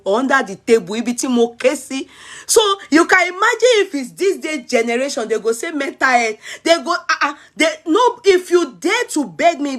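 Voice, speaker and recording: A Nigerian woman vlogger with a Yoruba-tinged accent tells a comic childhood story in Pidgin. Her voice is high and a bit bright, and she often acts out the crying and laughing.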